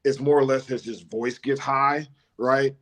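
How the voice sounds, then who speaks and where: A man, telling stories as a guest on a live show. He laughs often and stumbles through restarts, and his voice jumps up high when he mimics his old coach. He sounds relaxed and chatty. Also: measured pace. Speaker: guest, former college football player. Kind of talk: casual storytelling on a live show.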